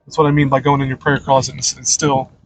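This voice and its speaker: A man's voice: medium pitch, little pitch movement, fast talker, gravelly, faint music behind, rough recording. A man giving a casual, rambling monologue about faith, blunt and full of "like" and "man.". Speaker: channel host.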